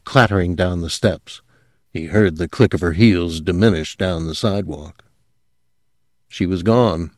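A man reading a story aloud as narrator, measured and steady, dropping quiet at moments. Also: deep voice, no echo, studio quality. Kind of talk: audiobook narration.

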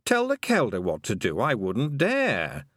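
A man reading aloud, voicing a sardonic male toad with a slow, wry drawl. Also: mid-range voice, wildly swooping pitch, a bit bright, no echo, studio quality, voice pushed up, heavily acted.

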